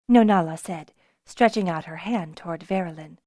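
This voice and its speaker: A woman's voice: normal speed, dark tone, no room sound. Woman narrating a fantasy audiobook, dry close sound. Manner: voices characters with rises in pitch and volume. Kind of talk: scripted narration.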